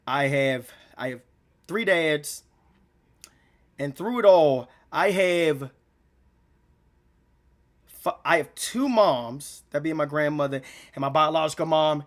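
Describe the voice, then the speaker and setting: Emotional young man, rambling and high. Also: fairly bright tone. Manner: rambling, repeats himself, slangy. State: near tears. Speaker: gaming channel vlogger. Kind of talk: emotional unscripted monologue.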